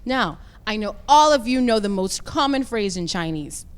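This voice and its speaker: A woman's voice: medium pitch, expressive, moderate pace, clear, resonant tone. A woman language coach teaching a lesson on a youth TV show, upbeat and prompting the audience to repeat after her.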